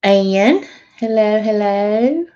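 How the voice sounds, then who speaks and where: A woman's voice: medium pitch, expressive, very slow, dark tone. A woman hosting a casual live stream, greeting viewers one by one and laughing often. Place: laundry room. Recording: dull lo-fi stream audio.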